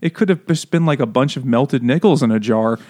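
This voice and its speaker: A man's voice: medium pitch, darkish tone. A man co-hosting a casual podcast chat, mocking and laughing often as he talks. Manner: laughing, mocking, does quick silly voices for quotes. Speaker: podcast co-host.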